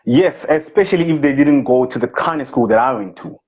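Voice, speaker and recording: A man with a South African accent doing a comic impression of a boastful, self-important rich businessman on a live video chat, in a husky voice. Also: medium pitch, expressive, a little fast, a little mellow, natural voice. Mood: pompous. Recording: dull lo-fi live-stream audio.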